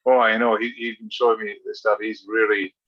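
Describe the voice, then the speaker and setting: A man from Canada hosting a casual livestream chat, easygoing and halting, with lots of fillers. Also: on the low side, level tone, slightly rough. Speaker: livestream host. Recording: muffled lo-fi audio.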